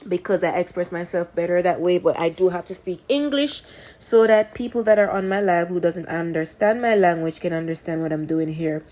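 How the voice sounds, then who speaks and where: A woman's voice: lowish voice, brisk, darkish tone. A woman with a Jamaican accent talking casually through a makeup tutorial into a phone camera, chatty and repeating words for emphasis. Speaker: makeup vlogger.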